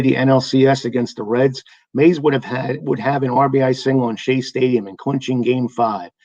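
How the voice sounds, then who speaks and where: A man's voice: mid-range voice, a little mellow, dry recording, dull audio. New man retelling old baseball. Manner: enthusiastic storyteller, reads lineups in a sing-song list. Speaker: baseball history podcast host. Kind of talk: scripted retelling of a past game.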